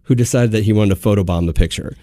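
Fast-talking deep-voiced man telling a story. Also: no echo, studio quality. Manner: animated storyteller with many restarts. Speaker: guest. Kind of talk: casual storytelling.

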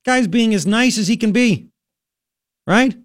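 A man hosting political commentary, sarcastic and mocking as he pauses and remarks on clips. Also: very high-pitched, no room sound, studio quality. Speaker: host.

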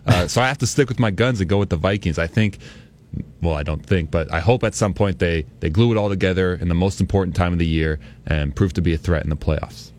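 A man chatting casually on a sports radio show in a quick, self-deprecating way. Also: low-pitched, a little mellow, a little hiss or hum. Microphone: studio microphone behind glass.

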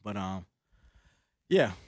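Young man, animated storyteller with casual filler talk and laughs; dry, close recording. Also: fairly low pitch, very slow, no echo.

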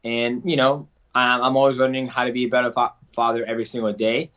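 A man's voice: medium pitch, level tone, fast. Casting: earnest male interview guest, casual and rambling, a little lo-fi.

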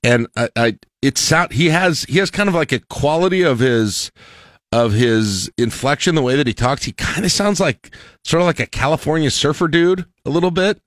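A man with a slightly high voice, at normal speed, hosts a casual talk show, rambling through stories and constantly interrupting himself to restart. The studio sound is clean, with no echo.

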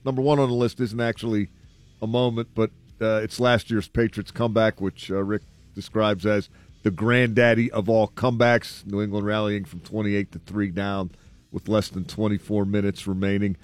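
A man's voice: lowish voice, level tone, normal speed, no room sound. A man hosting a casual sports talk show, reading through a ranked list and breaking in with his own thoughts, with a few "uh" fillers. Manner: conversational, thinks aloud with "uh" fillers.

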